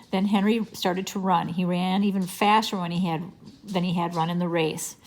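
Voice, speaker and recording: A woman reading a children's chapter book aloud in a gentle, unhurried storytelling manner. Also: on the low side, fairly even intonation. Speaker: reader.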